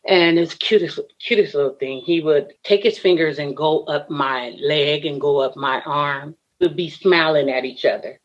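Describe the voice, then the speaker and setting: Low-pitched woman guest, earnest storyteller who laughs often, muffled lo-fi audio. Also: moderate pace, few pauses. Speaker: podcast guest. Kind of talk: personal storytelling.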